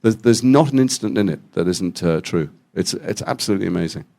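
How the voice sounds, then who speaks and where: English guy rattling off film set stories, low gravelly voice, quick. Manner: animated, quotes others in quick dialogue. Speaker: actor guest at a Q&A. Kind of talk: anecdotal storytelling. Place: cinema auditorium after a screening.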